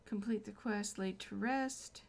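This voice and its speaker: A woman streaming a game at home, chatting excitedly and murmuring to herself as she plays. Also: medium pitch, measured pace, creaky. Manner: excitable, chatty, drifts into soft murmurs while playing. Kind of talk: casual gameplay commentary. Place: home room.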